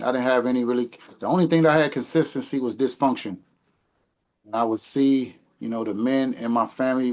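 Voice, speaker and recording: Podcast guest, man in his 40s, middle pitch, earnest and reflective, speaks softly at times. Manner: earnest, reflective, drops quieter at the ends. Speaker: podcast guest, community mentor. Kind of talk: casual conversation.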